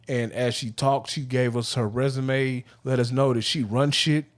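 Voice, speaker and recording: A man's voice: mid-range voice, fairly even intonation, normal speed. A man co-hosting a podcast, teasing and pressing his questions. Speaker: podcast co-host. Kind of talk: casual podcast banter.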